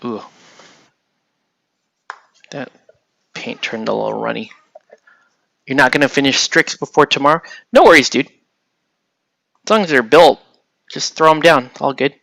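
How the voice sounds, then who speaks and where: A man from the United States talks loosely to his live chat as he works, wandering between topics with the odd casual curse. His voice sits at an ordinary middle pitch. The sound is dry and close, with no room echo. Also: a little slow, vocal fry, pauses often, bright, forceful tone. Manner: chatty, rambling, casually profane, answers chat as he works. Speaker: livestreamer painting miniatures.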